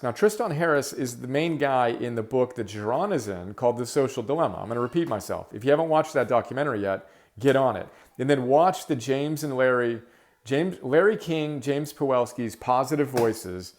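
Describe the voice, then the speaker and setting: A middle-aged man hosting his own podcast, talking solo in an energetic, emphatic, rambling way with many fillers. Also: mid-range voice, a little fast. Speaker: podcast host. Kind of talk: casual solo monologue.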